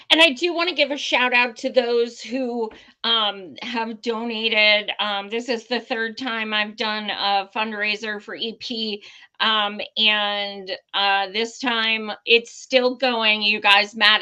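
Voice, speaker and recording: A woman's voice: on the high side, steady tone, slow, bright, forceful tone. A woman hosting a casual talk show, speaking emphatically and indignantly. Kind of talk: casual conversation.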